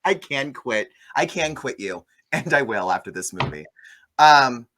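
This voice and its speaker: A man hosting a casual movie review chat, animated and gossipy, often swearing. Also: medium pitch, measured pace, a little hiss or hum. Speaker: host.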